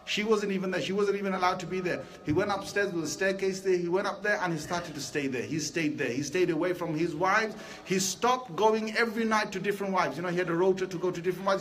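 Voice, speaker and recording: A man with a fairly high voice preaches a Friday sermon to a hall of men, calling them brothers. He tells his stories with animation. Faint room ambience sits behind him. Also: a bit bright, a little hiss or hum.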